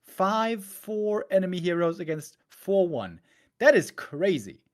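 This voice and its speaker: An esports caster calls a deciding tournament map with playful energy. The voice sits mid-pitch and leaps up and down expressively. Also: unhurried. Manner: animated, playful. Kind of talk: live game commentary.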